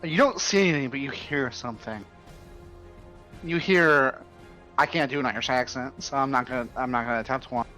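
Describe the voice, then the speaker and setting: A man's voice: medium pitch, fairly quick, sharp tone, faint music behind. A man narrating as game master in a tabletop game, loose and rambling, with lots of filler words.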